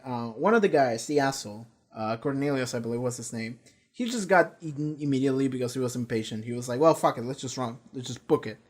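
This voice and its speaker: Rambling, profane young man. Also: on the high side. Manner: rambling and profane, acts out quotes. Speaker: reaction video host. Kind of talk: casual spoken review.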